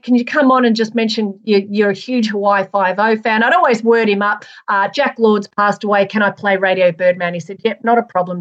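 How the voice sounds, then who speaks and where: An Australian woman, an author and former radio DJ, chatting in an interview and telling lively stories. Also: mid-range voice, lo-fi sound. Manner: lively storyteller, laughs through anecdotes. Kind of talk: casual interview chat.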